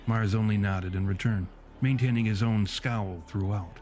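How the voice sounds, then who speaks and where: A man narrating a gritty fantasy story in a steady, measured audiobook delivery. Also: fairly low pitch. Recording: faint music underneath.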